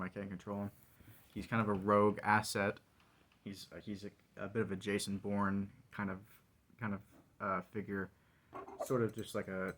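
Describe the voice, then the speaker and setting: A man vlogging alone in a wry, rambling monologue full of fillers. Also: fairly low pitch. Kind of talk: casual solo monologue.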